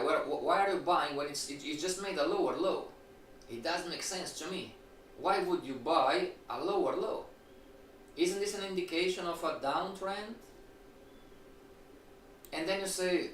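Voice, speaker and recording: A man teaching a live-streamed trading lecture, animated, asking rhetorical questions and acting out his students' replies. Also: high-pitched, unhurried, pauses often. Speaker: trading instructor. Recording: echoey room, distant mic, faint noise.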